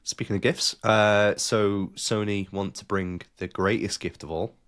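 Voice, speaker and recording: A man's voice: on the low side, steady tone, measured pace, fairly bright tone. A man hosting a casual podcast, joking around and reading news stories aloud with his own asides. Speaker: podcast host. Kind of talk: casual chat.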